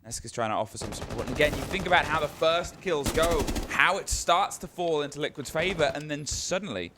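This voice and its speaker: Chatty esports caster. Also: male voice, fairly high pitch, brisk, noisy background. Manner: chatty, analytical, jokey banter. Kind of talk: live esports commentary. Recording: broadcast mix with game gunfire behind.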